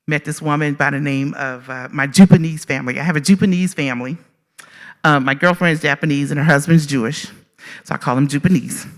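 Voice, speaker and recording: A woman artist tells a story to a live audience with bright, forceful energy. She talks in a humorous, animated way and speaks straight to the crowd. Her voice carries a long reverb from the large room she is speaking in. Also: low voice. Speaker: artist giving a public talk. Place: event space with audience.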